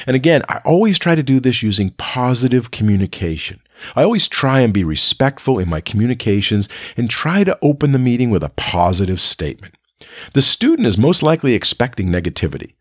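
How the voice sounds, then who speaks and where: A man with a slightly husky voice gives an instructional talk to fellow teachers, calm and explanatory. His pitch moves a lot as he stresses points, and the recording is dry and close, with no room sound. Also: dry recording. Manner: calm, explanatory, with rhetorical "right?" checks.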